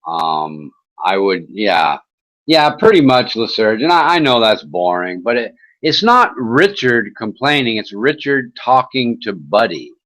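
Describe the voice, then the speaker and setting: A man's voice: lowish voice, very animated, unhurried, fairly bright tone, rough recording. A man hosting an internet talk show, chatting in a casual, rambling way with mocking sarcasm and swearing.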